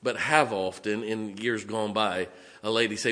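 A man's voice: on the low side, fairly even intonation, measured pace, bright, forceful tone. A middle-aged man preaching a sermon as pastor, folksy and joking, sometimes mocking whiny voices.

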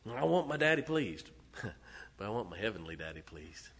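A man preaching a sermon as pastor, emphatic and laughing between lines, swinging from loud to soft. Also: fairly low pitch, big pitch swings, moderate pace, vocal fry, a little hiss or hum. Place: large church auditorium. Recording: long hall reverb.

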